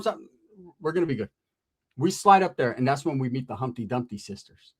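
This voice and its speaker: Fairly high-pitched, slightly rough and fairly quick, this man's comic monologue is full of cursing and slang, and he acts out each quoted person with lively energy.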